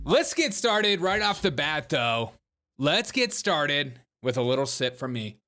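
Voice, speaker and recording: A man from South Carolina with a Southern accent, hosting a comedic news podcast with fast, sarcastic asides. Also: a little high, sing-song, bright, forceful tone. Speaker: podcast host.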